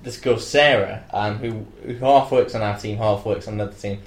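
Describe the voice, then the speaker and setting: A young man co-hosting a casual comedic chat, rambling and jokey, now and then bursting into loud mock shouts. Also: on the low side, normal speed. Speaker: co-host. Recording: echoey room.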